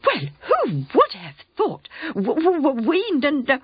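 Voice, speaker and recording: A storyteller voicing three flustered old men who mutter and stammer in high, squeaky voices. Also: wildly swooping pitch, takes it slowly, no echo, full character voice. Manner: stammering, high-pitched and spluttering. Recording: dull lo-fi recording with music.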